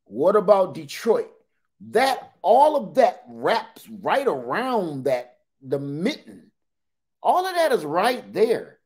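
Animated joking male livestream host. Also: high voice, slow. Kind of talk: casual livestream storytelling.

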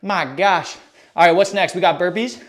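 A man's voice: sits high, moderate pace. A young man livestreaming a home workout, talking to chat in hyped, casual bro slang while out of breath. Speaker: fitness streamer. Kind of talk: live workout stream chat.

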